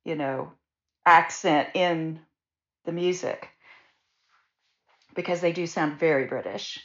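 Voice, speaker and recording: A woman in a casual chat, speaking thoughtfully and softly. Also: deep voice, slow. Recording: dull lo-fi sound.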